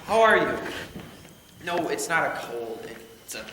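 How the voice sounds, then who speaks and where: A man's voice: fairly high pitch, big pitch swings, measured pace, pushed and bright, slight background noise, heavily acted. A teen boy playing a panicky politician. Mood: frantic. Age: teens. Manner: frantic, alarmed. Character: panicky politician with a bloodied nose. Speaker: stage actor. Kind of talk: live stage comedy acting. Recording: echoey auditorium from a distant mic.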